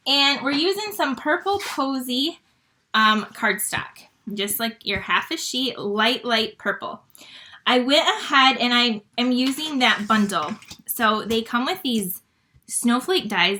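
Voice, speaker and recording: A woman from Michigan hosting a live paper-craft demonstration, chatty and fast-talking with plenty of fillers. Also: a little high, pushed and bright. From Michigan, USA. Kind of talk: casual live craft demo.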